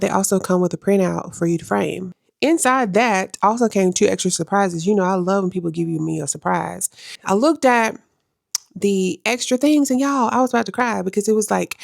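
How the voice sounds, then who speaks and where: A woman's voice: medium pitch, gravelly, darkish tone, dry recording, studio quality. A young adult woman vlogging at home, talking to the camera in a casual, emphatic way and repeating phrases for effect. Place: at home in her room.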